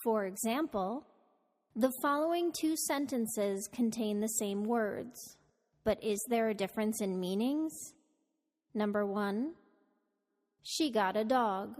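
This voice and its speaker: Woman reading a scripted english lesson, really slow and careful, lots of reverb. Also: fairly high pitch, darkish tone. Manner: slow, carefully enunciated delivery. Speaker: podcast narrator.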